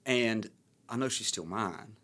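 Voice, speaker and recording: A man in his thirties from the American South with a Southern accent, hosting a podcast and musing in a relaxed, rambling way. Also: fairly low pitch, a little slow. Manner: reflective, rambling, many fillers. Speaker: podcast host. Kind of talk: casual conversation.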